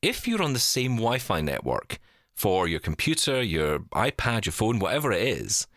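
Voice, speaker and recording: A man's voice: on the low side, huge pitch swings, normal speed, a bit bright, dry recording, studio quality. A man hosting a casual podcast panel chat, rambling and self-deprecating. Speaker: podcast host.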